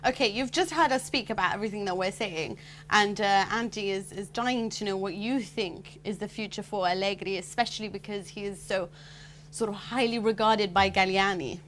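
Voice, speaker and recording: A woman's voice: medium pitch, a bit bright, a little hiss or hum. A woman hosting a football show, leading a casual chat with wry asides. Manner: chatty, wry, quick asides. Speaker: host.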